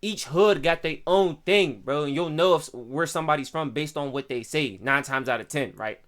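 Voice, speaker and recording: A man's voice: fairly high pitch, normal speed, fairly bright tone. A young man from Pittsburgh with a local accent, casually explaining things to his stream viewers in loose street slang and often checking in with "right?".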